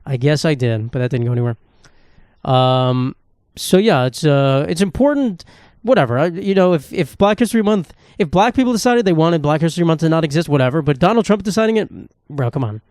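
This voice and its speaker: Podcast host, male, rambling and sarcastic, swears a lot, quick delivery with a slightly high voice, dry close sound. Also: lively intonation, a little mellow, no room sound. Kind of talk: casual solo comedy podcast monologue.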